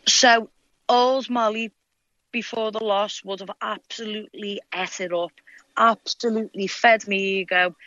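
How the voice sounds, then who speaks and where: Scouse woman, sharp bright voice, swears a lot, dry dull-ish recording. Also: medium pitch, steady tone, no room sound. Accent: Liverpool Scouse. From Liverpool, England. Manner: blunt, swears freely, rapid storytelling. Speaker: guest fighter. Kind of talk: casual interview chat.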